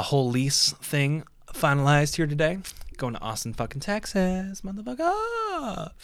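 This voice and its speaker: A man's voice: mid-range voice, fairly bright tone, no echo. A man hosting his own podcast in a casual solo monologue, rambling and joking with lots of swearing. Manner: profane, rambling, jokey. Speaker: podcast host.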